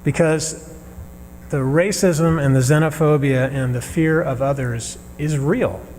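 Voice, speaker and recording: A man preaching a sermon as minister, earnest and measured, pausing between phrases. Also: a little high, a little mellow. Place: church sanctuary. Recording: reverberant sanctuary with faint hum.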